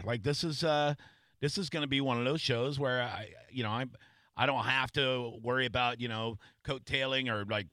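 Bright-voiced rambling radio host, a man. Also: mid-range voice, moderate pace, no room sound, studio quality. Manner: rambling storyteller, many restarts and fillers. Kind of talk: casual radio interview chat.

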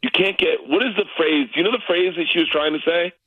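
A man in his forties, a comedian guest telling loose stories with big excited jumps in pitch on a radio interview. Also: fast talker, no echo. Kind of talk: casual radio interview by phone. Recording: muffled lo-fi line.

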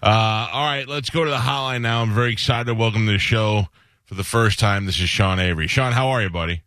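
A man's voice: lowish voice, quick pace, a bit bright, no room sound, clean studio sound. A middle-aged man from New York hosting a radio show, joking and laughing often with a caller. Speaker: radio host. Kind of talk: casual radio interview.

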